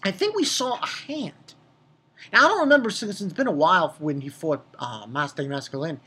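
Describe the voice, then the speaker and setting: Casual: husky woman ranting about a manga chapter, swears a lot, pitch all over the place, lowish voice. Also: normal speed. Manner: profane, ranting, animated. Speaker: manga reviewer. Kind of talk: casual video review rant.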